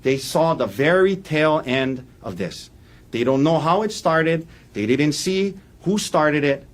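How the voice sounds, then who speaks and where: A man giving a defense opening statement in a courtroom, walking the jury through events in an earnest, halting way with frequent restarts. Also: on the high side, expressive. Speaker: defense attorney.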